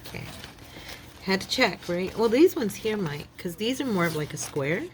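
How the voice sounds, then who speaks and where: A woman's voice: mid-range voice, sing-song, normal speed, a little hiss or hum. A woman hosting a craft channel, chatting casually to her viewers and thinking aloud as she works, a little silly and self-deprecating. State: yawning, relaxed.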